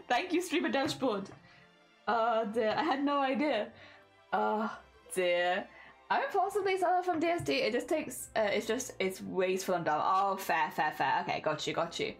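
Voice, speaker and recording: A woman's voice: on the high side, expressive, moderate pace, soft background music. A British woman streaming a craft session, chatting casually with her viewers, laughing often and murmuring "oh dear" as she reads the chat. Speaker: craft livestreamer.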